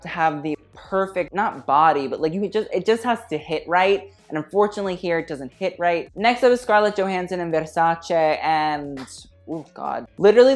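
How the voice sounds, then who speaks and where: A woman's voice: deep voice, a little mellow. A woman giving casual fashion commentary, blunt and opinionated with a slangy way of talking, with faint music behind. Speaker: fashion critic vlogger.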